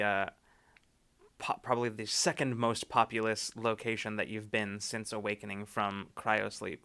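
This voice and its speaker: Male game master, bright and crisp; rambly, restart-heavy narration. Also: fairly low pitch. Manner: rambling, many restarts and fillers.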